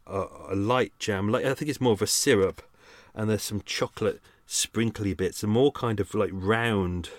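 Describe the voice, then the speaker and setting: A man's voice: on the low side, dry recording, clean studio sound. A man hosting a podcast, chatting in a rambling, self-mocking unscripted monologue at home. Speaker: podcast host. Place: home, walking off from the mic to make tea.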